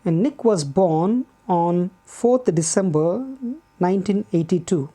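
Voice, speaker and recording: Slow, patient woman teacher. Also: fairly low pitch, dark tone. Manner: patient and deliberate, repeats key words, frequent "uh" pauses. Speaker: English teacher. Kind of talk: slow classroom explanation.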